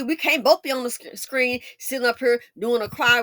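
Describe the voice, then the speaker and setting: A woman's voice: mid-range voice, normal speed, a bit bright, dry recording, clean studio sound. A woman giving sassy, emphatic, opinionated celebrity commentary. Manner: sassy, emphatic, mocking asides. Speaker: commentary channel host.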